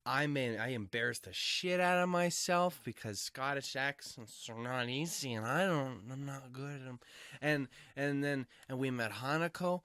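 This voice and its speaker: Rambling self-mocking man, middle pitch. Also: fairly bright tone, no room sound. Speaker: video host reading a game. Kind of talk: casual let's-play commentary.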